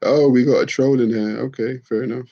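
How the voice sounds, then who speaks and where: A middle-aged man, casually chatting on a livestream and reading out comments, laid-back and quick to laugh. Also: medium pitch, fairly even intonation, warm tone. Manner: laid-back, laughs often, calls people bro. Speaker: livestream host. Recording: dull lo-fi stream audio.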